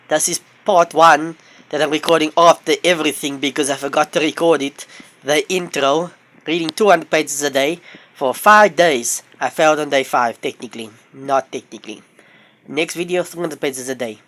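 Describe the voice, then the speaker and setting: A woman talking casually to camera in a reading vlog, her voice sitting a little low. She sounds tired and slightly under the weather, and she thinks aloud as she tallies up pages. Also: moderate pace, fairly bright tone. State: tired and a bit sick. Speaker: book vlogger.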